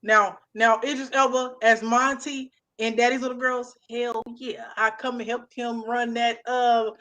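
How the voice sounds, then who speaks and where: A woman's voice: fairly high pitch, flat delivery, measured pace, pushed and bright. A young adult woman co-hosting a casual chat, playful and slangy, with big laughs. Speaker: podcast co-host. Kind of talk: casual banter.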